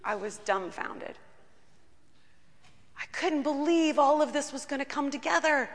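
A woman pastor preaches in a church, weaving personal stories into her sermon with earnest warmth. Her voice is bright and sits a little high. A long reverb hangs behind her words. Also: normal speed.

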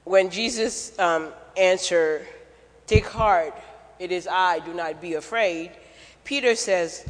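A man's voice: sits high, slow pace, fairly bright tone. A man preaching a sermon in a church, conversational and jokey, asking the congregation questions. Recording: church hall reverb.

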